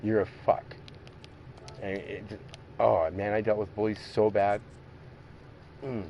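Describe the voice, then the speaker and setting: A man's voice: fairly low pitch, flat delivery, takes it slowly, lo-fi sound, slight background noise. A man chatting casually while streaming a racing game, rambling, swearing heavily and laughing often. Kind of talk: casual gaming stream chat.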